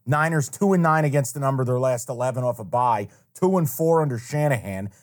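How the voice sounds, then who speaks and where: A man co-hosting a sports betting podcast, talking in a casual, profane and animated way and telling stories with mocking impressions. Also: medium pitch, a little fast.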